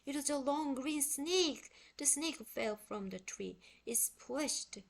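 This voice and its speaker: A woman reading a children's book aloud in expressive, unhurried storytelling; her first language is Korean. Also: high-pitched, gravelly. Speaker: book reader.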